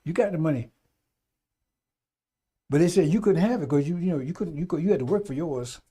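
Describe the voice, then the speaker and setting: Fiery, preachy man with high, dark voice. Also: expressive, fairly quick, breathy edge. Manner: fiery, preachy, swears, mimics voices in asides. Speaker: radio talk host. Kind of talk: rambling radio monologue.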